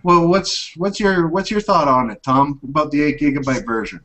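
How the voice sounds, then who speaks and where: A man's voice: a little high, moderate pace, background noise. A man hosting a casual tech podcast, chatty and upbeat, rambling as he talks. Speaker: tech show host.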